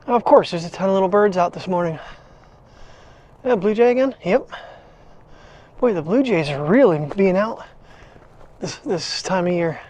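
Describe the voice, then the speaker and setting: A man's voice: sits high, animated, moderate pace, long pauses, a little mellow. Rambling man chatting on a dog walk. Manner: rambling, chuckling, talks to his dog. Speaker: daily vlogger. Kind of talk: casual chat. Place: outdoors on a sidewalk, walking a dog. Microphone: wireless clip-on mic.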